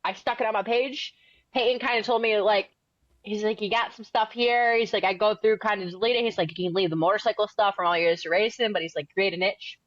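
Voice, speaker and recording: A woman's voice: medium pitch, fairly even intonation, fast talker, no echo, muffled recording. A young woman in her twenties from New England, a firefighter and author telling her story as a podcast guest in a blunt, outspoken, slangy way. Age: 20s. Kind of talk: casual interview storytelling.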